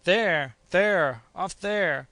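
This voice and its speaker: A man's voice: medium pitch, flat delivery, normal speed, bright, forceful tone, smooth, no echo. A man voicing a commanding middle-aged explorer doctor who barks urgent orders. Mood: frantic.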